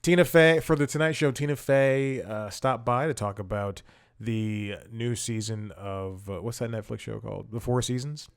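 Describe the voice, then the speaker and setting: A man's voice: medium pitch, fairly even intonation, moderate pace, gravelly, smooth. A man hosting a casual comedy recap show, telling stories in a rambling, self-interrupting way. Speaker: host.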